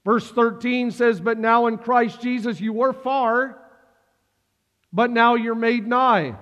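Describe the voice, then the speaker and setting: A man with a high voice preaching in a church sanctuary, stacking repeated questions and call-and-response lines as he builds. His sound is a little dull, and a long reverb trails each phrase through the hall. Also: steady tone, takes it slowly, fairly bright tone. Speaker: pastor. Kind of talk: sermon.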